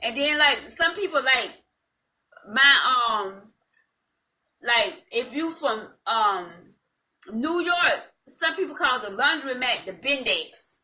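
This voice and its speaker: A middle-aged woman with a Southern US drawl talks casually to her viewers. Her voice sits a bit high and rings very bright. She rambles in a folksy way, with frequent ums and easy laughs. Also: lively intonation, takes it slowly. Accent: Southern US (North Florida, Georgia-like). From Madison, Florida, US South. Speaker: vlog host. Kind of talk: casual chat to camera.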